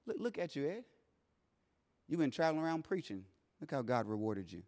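A man voicing a whispering, accusing voice of doubt in a low hushed tone, echoing in a large hall. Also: sing-song, a little fast. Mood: taunting whisper. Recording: long reverb of a large hall.

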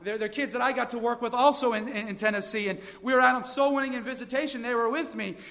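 High-voiced young preacher in a reverberant hall. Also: male voice, fast. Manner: energetic preaching with humorous stories. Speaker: youth pastor. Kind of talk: sermon. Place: church sanctuary. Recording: long reverb of a church hall.

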